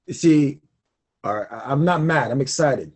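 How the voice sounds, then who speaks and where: In a casual solo show about money, a young male host of a personal finance program talks emphatically and animatedly, laughing a lot and repeating his main points. His medium-pitched voice has lively intonation, a moderate pace, a slightly mellow quality, and a breathy edge.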